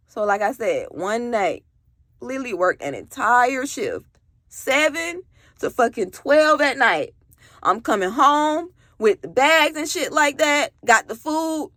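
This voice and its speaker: A woman's voice: on the high side, a bit bright, no room sound. A young adult woman telling her own story in a rambling, candid way, full of "like" and casual swearing.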